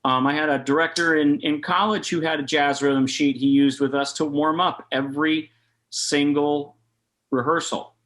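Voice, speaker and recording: A man's voice: a little high, fairly even intonation, normal speed, a bit bright. A man giving a casual online jazz master class, talking through rhythm exercises and scatting them aloud. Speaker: jazz saxophone clinician. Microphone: video call.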